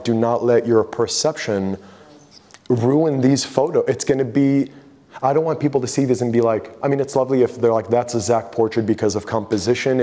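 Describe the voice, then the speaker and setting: Animated man telling a story, mid-pitch. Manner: animated storyteller, acts out quoted voices, swears freely. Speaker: photographer giving an artist talk. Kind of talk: casual storytelling talk.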